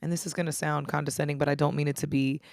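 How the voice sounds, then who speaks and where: A woman's voice: sits low, flat delivery, rapid-fire, creaky, a little mellow, no echo, studio quality. A woman co-hosting a podcast in casual chat, earnest and chatty, steering the conversation. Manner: earnest and chatty, reins in the talk. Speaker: podcast co-host.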